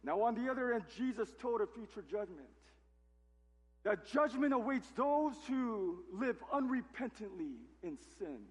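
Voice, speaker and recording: A man's voice: extremely high pitch, lively intonation, normal speed, slightly rough. A man preaching a sermon as pastor, emphatic and full of rhetorical questions, in a church sanctuary. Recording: long hall reverb.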